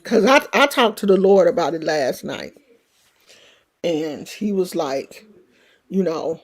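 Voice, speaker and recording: A woman's voice: on the low side, expressive, slow, long pauses. A woman in her sixties chatting frankly and casually as a vlogger, swearing freely and speaking in an earthy way. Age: 60s. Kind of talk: casual to-camera chat.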